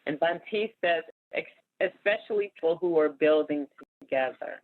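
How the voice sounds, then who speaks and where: A woman's voice: sits low, moderate pace, dry recording, narrow, tinny audio. A woman in her forties hosting a podcast, talking in a candid, emphatic, casual way and laughing often. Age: 40s. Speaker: podcast host. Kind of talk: casual chat.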